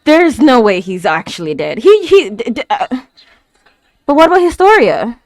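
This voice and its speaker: A woman's voice: on the high side, sing-song, moderate pace, no echo. A woman hosting a reaction video, talking over an anime episode with gasps, stammers and constant exclamations. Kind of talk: live anime reaction commentary.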